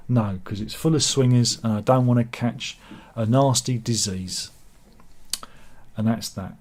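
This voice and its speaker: A man's voice: mid-range voice, fairly even intonation, measured pace, a little mellow. A man hosting a satirical news chat show, casually reading out viewer comments with rambling, jokey and self-mocking asides.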